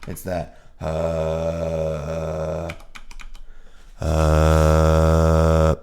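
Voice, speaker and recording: A man's voice: extremely low pitch, completely flat delivery, very slow, darkish tone. A sick man casually thinking aloud on a live stream about his music, rambling and self-deprecating. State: sick, with a rough voice.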